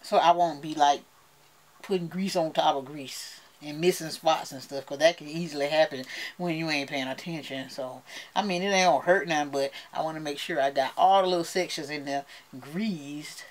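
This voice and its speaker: A woman's voice: deep voice, normal speed. Chatty Southern woman vlogger. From United States. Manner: chatty and playful, laughs often, talks straight to viewers. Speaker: beauty vlogger. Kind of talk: casual chat to camera.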